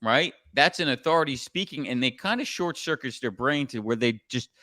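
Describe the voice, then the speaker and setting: A middle-aged man coaching on sales in a casual podcast chat, blunt and animated, sometimes swearing. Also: medium pitch, brisk, dry recording, studio quality. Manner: blunt, animated storytelling with profanity.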